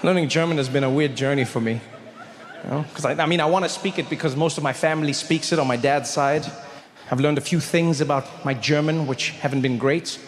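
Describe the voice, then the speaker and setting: Man from South Africa, stand-up storyteller, highish voice, faint background noise. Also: fairly quick, big-room sound. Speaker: stand-up comedian. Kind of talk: stand-up comedy.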